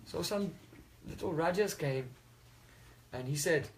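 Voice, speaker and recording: A man's voice: on the high side, animated, slow, long pauses, fairly bright tone. A man telling a religious story in a talk, often checking in with his listeners. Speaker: spiritual teacher.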